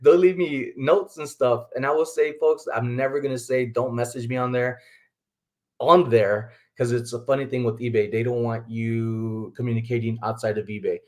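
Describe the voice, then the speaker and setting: A man's voice: mid-range voice, fairly even intonation, moderate pace. Male live-stream host, middle-aged, from Texas, rambling and chatty, mid-range voice. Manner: rambling, chatty, laughs often, talks to viewers as folks. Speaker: livestream host, reseller. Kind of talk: casual live-stream chat.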